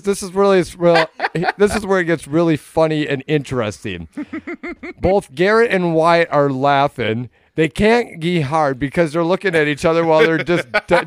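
A man's voice: a little high, dry recording. A man co-hosting a podcast, telling a long story in casual, rambling talk full of swearing, fillers and restarts. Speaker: podcast co-host.

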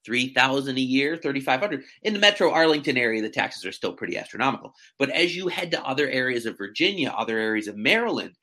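Animated, swooping real estate agent. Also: medium pitch, fast, hardly any pauses. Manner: animated storyteller, many fillers and restarts. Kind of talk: casual podcast chat.

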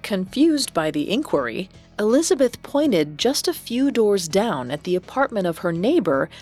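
A woman co-hosting a podcast, reading scripted true-crime narration in an expressive storytelling way. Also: medium pitch, normal speed, faint music behind. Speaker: podcast co-host.

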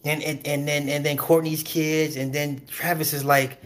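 A man ranting casually and profanely about celebrity gossip, animated and breaking into laughs. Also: a little high, moderate pace. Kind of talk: casual rant.

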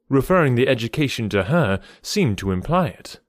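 Man narrating with lively pitch. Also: normal speed, no room sound, studio quality. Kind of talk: audiobook narration of a classic novel.

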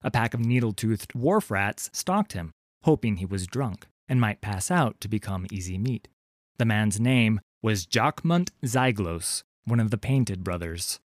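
Man, audiobook narrator, measured storytelling, lowish pitch, varied delivery. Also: dry recording, studio quality.

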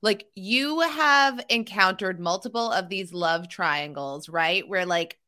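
A woman's voice: medium pitch, slow pace, bright, forceful tone. A woman hosting a podcast in casual chat, leading with questions. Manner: asks questions, sets up topics. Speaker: podcast host.

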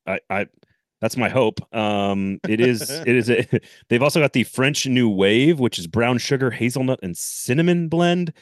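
A man co-hosting a casual sports podcast, animated and rambling, often laughing and restarting. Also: mid-range voice, moderate pace, dry recording, studio quality. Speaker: podcast co-host.

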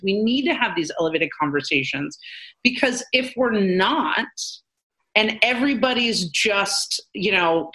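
A woman co-hosting a podcast as a paranormal researcher, speaking earnestly in animated, quick bursts. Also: mid-range voice. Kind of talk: casual podcast discussion.

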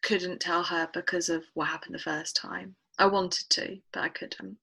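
A woman's voice: fairly low pitch, fairly even intonation, normal speed, gravelly, pushed and bright, husky, rough recording. A woman, candidly retelling a painful personal story in a podcast interview. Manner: candid, emotional retelling with quoted dialogue. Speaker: guest.

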